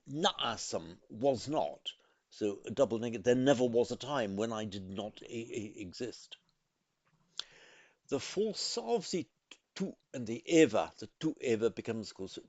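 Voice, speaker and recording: A man teaching a language lesson in a careful, methodical way, pausing to correct himself. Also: mid-range voice, darkish tone, no echo, highs cut off. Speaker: Sanskrit teacher. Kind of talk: explanatory lesson.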